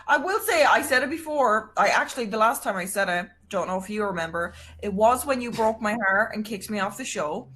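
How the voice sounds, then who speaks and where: A woman's voice: mid-range voice, lively intonation, brisk, hardly any pauses, fairly bright tone. A woman, chatting as a guest on a livestream in a blunt, teasing way and swearing freely. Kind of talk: casual chat on a livestream.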